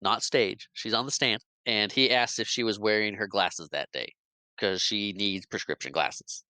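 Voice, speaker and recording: Male podcast co-host, low-ish, bright and smooth, dry close mic, casual recap storyteller. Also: normal speed, dry recording. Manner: retells scenes, lightly acting out quoted lines. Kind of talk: casual film recap chat.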